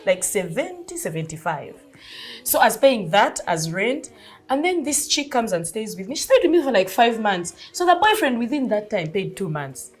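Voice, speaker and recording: A woman in her thirties with a Ugandan accent, telling a personal story in a casual, animated way, often laughing and acting out dialogue. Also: on the high side, normal speed, slightly rough, faint music behind. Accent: Ugandan English.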